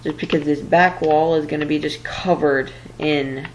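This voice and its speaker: Woman with a deep low voice, casual let's-play chatter, rambling and flustered, tired, faint background hiss and typing. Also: steady tone, normal speed, rough recording. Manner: rambling, flustered, self-deprecating. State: tired late at night. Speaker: gameplay commentator.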